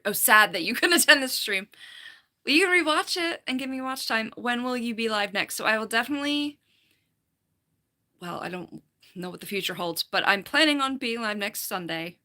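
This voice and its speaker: A woman's voice: medium pitch, pushed and bright. A woman hosting a casual live stream from home, chatting with her viewers, giggling often, her voice worn and slightly fried. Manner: chatty, giggly, rambling, reads chat aloud. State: voice worn, slight vocal fry. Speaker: livestream host, falconer. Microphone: computer mic.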